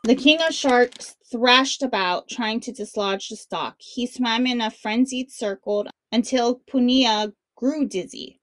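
Expressive woman reading a children's story. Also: a little high, measured pace, hardly any pauses, dry recording. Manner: expressive, dramatic narration. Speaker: children's book reader. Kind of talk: read-aloud storytelling for children.

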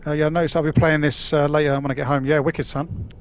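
Quick-paced and a little high, with little pitch movement, this London streamer's Cockney voice chats matily with viewers as he plays a game. He swears freely.

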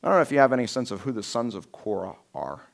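A man's voice: medium pitch, fast, gravelly. Male pastor preaching casually. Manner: casual storytelling with lively acted-out quotes. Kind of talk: conversational sermon. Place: church sanctuary.

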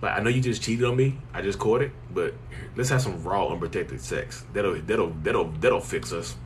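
A man's voice: lowish voice, expressive, moderate pace, a little hiss or hum. Blunt, joking man with a drawl. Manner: blunt, joking, teasing, colloquial, talks straight to viewers as "y'all". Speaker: live stream host answering viewer questions. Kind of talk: casual live stream chat.

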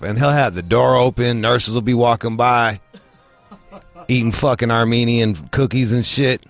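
A man hosting a podcast, telling crude comic stories full of swearing and jumping into high squeaky voices to act out other people. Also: normal speed, no room sound, faint music behind. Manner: profane, animated, mimics people in high voices. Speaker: podcast host. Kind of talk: crude comedic storytelling.

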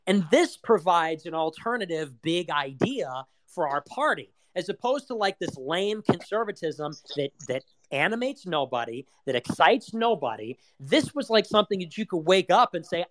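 A young man with a fairly high voice talks in a loose, rambling way. He fires off rhetorical questions, swears freely and builds a casual political monologue as the host of an audio chat room. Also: animated, normal speed, hardly any pauses.

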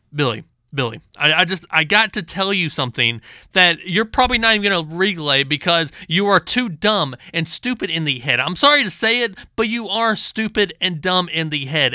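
A man's voice: sits high, sharp tone, no echo, clean studio sound. A man hosting a commentary vlog, ranting in an exasperated, sarcastic way with lots of stammering restarts. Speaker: channel host.

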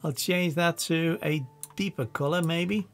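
A man with a Scouse accent giving a casual, chatty software tutorial, thinking aloud as he works. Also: on the high side, measured pace, faint music behind. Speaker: video editing tutor.

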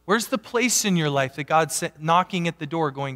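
A man preaching a sermon as a pastor, animated, swinging from loud emphatic peaks down to quiet asides. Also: on the high side, normal speed, few pauses. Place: church sanctuary. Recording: long church hall reverb.

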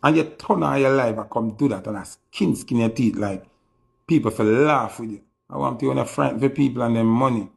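A Jamaican man speaks on a live stream, delivering slow, emphatic warnings. His mid-pitched voice carries a gravelly fry throughout.

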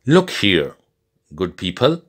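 A man's voice: low voice, wildly swooping pitch, slow, heavily acted. A man voicing a boastful male fake doctor in a storybook tale, speaking with confident, matter-of-fact assurance.

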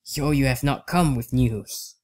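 A man's voice: medium pitch, unhurried, darkish tone, lightly acted. A man doing a grave old elf father. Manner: pleading, grave. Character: worried old father, a dark elf elder.

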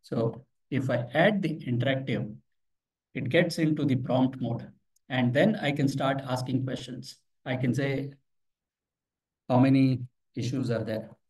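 At a meetup in an office meeting room, a man gives a live tech demo at a measured pace, his voice mid-pitched and darkish. He chats casually, shares stories, and questions the audience, sounding distant from the microphone.

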